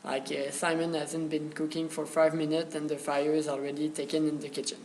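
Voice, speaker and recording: A young man student presenting a grammar lesson, hesitant and pausing often on filler sounds. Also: fairly high pitch, flat delivery, a little mellow, slight background noise, poor audio.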